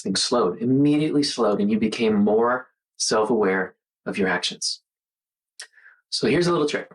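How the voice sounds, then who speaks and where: A man hosting a casual mindfulness monologue, talking earnestly and guiding the listener through slow counted breathing. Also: lowish voice, low-quality recording. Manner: earnest, conversational, guides breathing with counted pauses. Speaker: host.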